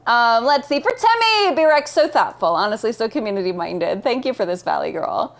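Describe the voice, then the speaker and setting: A woman streamer chatting casually with her viewers, bubbly and warm with them, greeting each by name and laughing often. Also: medium pitch, animated, normal speed, gravelly.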